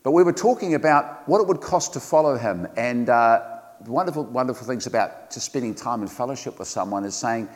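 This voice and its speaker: A man, a pastor preaching in an earnest, conversational way, often pausing on fillers and restarting phrases. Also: mid-range voice, lively intonation, long reverb tail. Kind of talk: sermon. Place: church.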